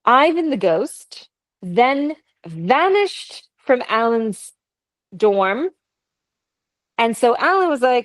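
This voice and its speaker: A woman's voice: fairly high pitch, very animated, very slow, pauses often, no echo, poor audio. A Canadian woman co-hosting a podcast, telling ghost stories in a casual, chatty way with laughs and asides. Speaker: podcast co-host. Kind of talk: casual chat, storytelling.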